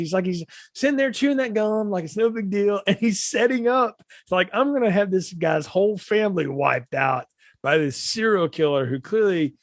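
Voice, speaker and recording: Animated male podcast co-host. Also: no room sound, studio quality. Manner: animated, laughs often, swings pitch widely. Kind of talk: casual film discussion.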